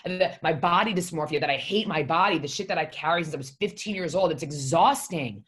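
A woman with a notably deep voice talks casually, sharing a personal story. She is blunt and emphatic, swearing freely, and speaks from the heart in a confessional way. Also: fast talker, fairly bright tone.

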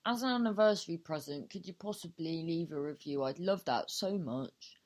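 A comedian with a lowish, expressive voice hosts her own solo podcast at a moderate pace. In a casual chat, she improvises a silly story, restarting it often, swearing freely and poking fun at herself.

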